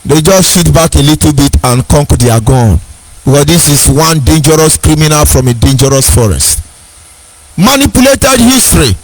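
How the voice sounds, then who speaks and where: A man's voice: a little high, big pitch swings, normal speed, no echo, rough recording. A Nigerian man giving an impassioned speech, stressing his points by repeating questions and phrases. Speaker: speaker.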